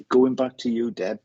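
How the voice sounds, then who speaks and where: A man giving live psychic readings on a stream, talking haltingly, repeating phrases and getting emotional. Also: mid-range voice, darkish tone, slightly rough, muffled recording. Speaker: psychic medium host.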